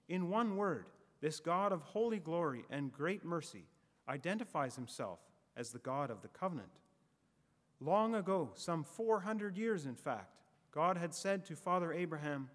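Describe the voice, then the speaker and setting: A man preaching a sermon in a measured, emphatic way, letting his phrases fall away at the ends. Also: fairly high pitch, expressive, long reverb tail.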